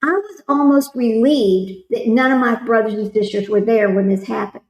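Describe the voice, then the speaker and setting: A chatty woman talks casually to her stream audience, wandering from one thought to the next. Her voice sits a little higher than most. The room around her has a noticeable echo. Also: moderate pace, a little mellow. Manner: rambling, chatty, reads chat comments aloud. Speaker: livestream host commenting on a trial. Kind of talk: casual chat with live chat readers.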